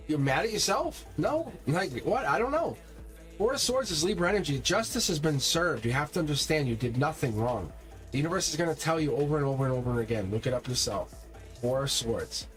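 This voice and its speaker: A man giving a live tarot reading, talking emphatically and directly to his viewers. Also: medium pitch. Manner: energetic, emphatic, talks straight to viewers. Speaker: tarot reader. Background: faint music.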